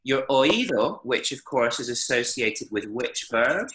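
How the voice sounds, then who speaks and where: Male language teacher, bright tone, checks in with students often. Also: medium pitch, steady tone, a little slow, rough recording. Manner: patient, explains and checks understanding. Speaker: Spanish teacher. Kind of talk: online language lesson. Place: online class, speaking from Medellín. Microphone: video call.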